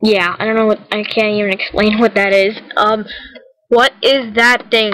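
A young girl with a slightly high voice chats her way through a gameplay video. She rambles, corrects herself and giggles, sounding tired and chilly as she talks. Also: steady tone, unhurried, bright, forceful tone, low-quality recording. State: tired and cold. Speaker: gaming vlogger. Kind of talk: casual gameplay commentary.

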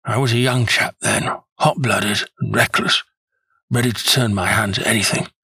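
A man voicing a grave, weary old man who is dying and makes a slow confession. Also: fairly low pitch, fairly even intonation, gravelly, bright, forceful tone, slightly rough, dry recording, full character voice. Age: older. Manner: heavy, slow confessional telling.

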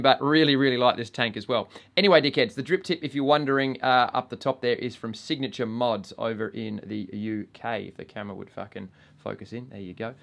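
A man's voice: medium pitch, creaky, a bit bright. An Australian man talks casually to his camera, swearing in almost every sentence. His delivery is blokey and joking, like a laid-back host chatting with his regular viewers. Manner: crude, swears constantly, blokey banter. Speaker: vape reviewer and channel host. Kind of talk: casual vlog review.

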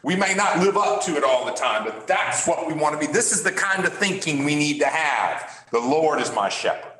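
A man's voice: a little high, lively intonation, bright, forceful tone. Echoey man teaching a Bible class. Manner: halting, repeats words, asks the class questions. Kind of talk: leading a Bible class discussion. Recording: echoey room.

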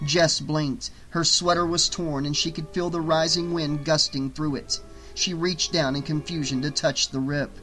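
A man narrating an audiobook in a steady, dramatic storytelling manner. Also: on the high side, poor audio.

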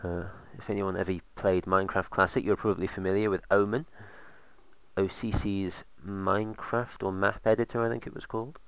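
A man's voice: low-pitched, little pitch movement, a little fast, a bit bright, clean tone, no echo. A man casually commentating while playing a game, rambling with sarcastic asides. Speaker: let's play host.

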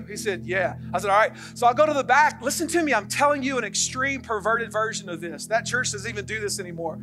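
A middle-aged male pastor telling a story in a sermon, getting animated and loud as it builds. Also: brisk, few pauses, music in the background. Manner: animated, gets loud and high when excited.

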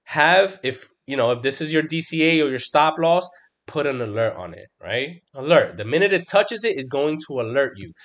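A middle-aged man chats loosely on a trading stream, swearing freely and punching his points. He keeps asking "right?" and calls his viewers bro. His voice sits at an ordinary middle pitch. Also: fairly bright tone. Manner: emphatic, swears constantly, lots of "right?" and "bro"; mimics his own panicked outbursts. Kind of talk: casual profane livestream chat.

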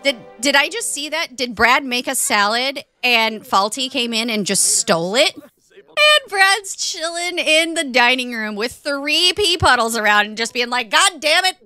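A woman streamer giving excitable live commentary on a game, laughing often and exclaiming over what happens on screen. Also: sits high, measured pace, dry recording, soft background music. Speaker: Twitch streamer.

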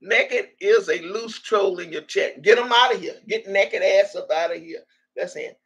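A woman's voice: mid-range voice, moderate pace, breathy edge. A woman hosting a casual livestream and reading viewers' comments aloud, brash and profane, often laughing. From Texas. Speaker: livestream host.

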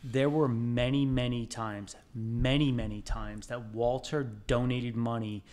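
A man's voice: mid-range voice, steady tone, unhurried, a little mellow. A man who works as a builder, a guest on a podcast, retelling a story as back-and-forth dialogue in casual chat. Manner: retells conversations as quoted dialogue.

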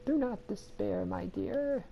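A woman voicing a gentle, wise old woman sage, speaking slowly and softly as she reads game dialogue aloud. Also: mid-range voice, vocal fry, dull audio, pitched above the performer's own voice. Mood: solemn. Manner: slow, soft, solemn delivery.

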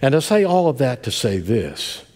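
A man's voice: mid-range voice, big pitch swings, normal speed, a little mellow, in a large hall. An older man preaching a sermon in a church, telling folksy stories with many asides. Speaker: pastor. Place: church sanctuary.

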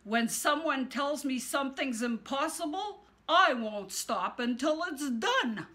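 Self-assured caveman hero, read by a woman: breezy, bright, slow and easy. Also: high voice, animated, pitched above the performer's own voice, full character voice. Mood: confident. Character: confident cheerful caveman hero, male.

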